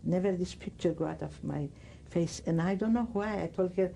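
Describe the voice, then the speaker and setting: An older woman with a Greek accent, giving oral history testimony in halting speech, often searching for words. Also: lowish voice, gravelly, dark tone, slight background noise, rough recording. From Greece. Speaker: interviewee.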